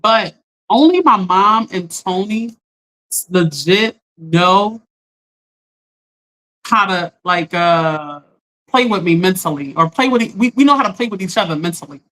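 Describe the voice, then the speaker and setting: A woman life coach in casual live-stream chat, animated, laughing often and talking straight to her viewers. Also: on the low side, unhurried, long pauses, poor audio.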